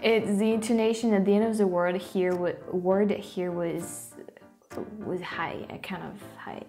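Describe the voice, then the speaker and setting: A woman's voice: mid-range voice, steady tone, measured pace, dark tone, soft background music. A woman with a French accent, a native French speaker, chats casually as a video host, hesitating and restarting often. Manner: hesitant, many fillers and restarts. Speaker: YouTube host. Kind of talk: casual commentary.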